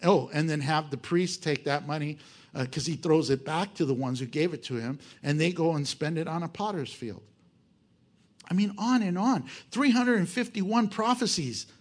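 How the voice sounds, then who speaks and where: A male pastor preaching a sermon in an animated, joking way, firing off rhetorical questions. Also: on the high side.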